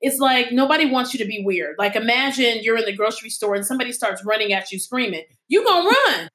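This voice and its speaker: A woman speaks as a guest in a relaxed interview. She tells her stories with animated energy and voices the people in them along the way. Her tone stays conversational throughout. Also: fairly high pitch, fast. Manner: animated storyteller, acts out quotes. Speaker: actor and acting coach, guest.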